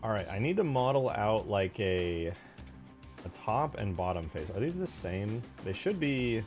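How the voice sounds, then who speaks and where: A man streaming as he builds a game mod, chatting casually while he works. He mutters quietly as he models, then bursts out loudly to thank viewers. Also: fairly low pitch, big pitch swings, unhurried, soft background music.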